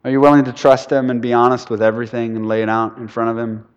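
A man's voice: medium pitch, flat delivery, fast, clean tone, muffled recording. Man preaching in a reverberant hall. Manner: conversational, asks the room questions, swings between loud and soft. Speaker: youth pastor. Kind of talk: sermon. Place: church building.

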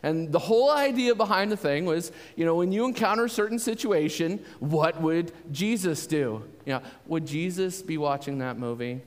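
A man pastor giving a sermon in a conversational, animated way. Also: on the high side, normal speed, few pauses. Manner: conversational, animated preaching with restarts. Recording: long hall reverb.

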